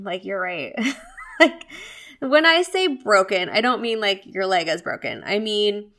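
A woman's voice: medium pitch, lively intonation, moderate pace, fairly bright tone. Chatty woman podcast host, laughs often. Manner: chatty and candid, laughs often, acts out inner voices. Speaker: podcast host and wellness coach. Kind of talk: solo podcast talk.

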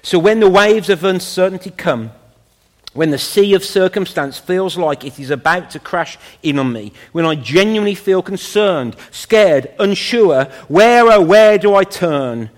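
A man preaching a sermon in a church, impassioned, rising high and falling to a low hush. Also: lively intonation, normal speed, long reverb tail.

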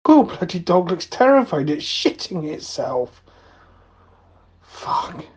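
A man's voice: high-pitched, big pitch swings, slow pace, husky. A man in improvised comic chat, swearing and sounding mock-outraged.

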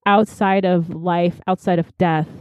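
Dark-toned, animated woman recapping a story. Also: on the low side, unhurried, dry recording. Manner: animated storyteller, laughs often, acts out characters' lines. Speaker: book discussion co-host. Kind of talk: casual chat recapping a novel's plot.

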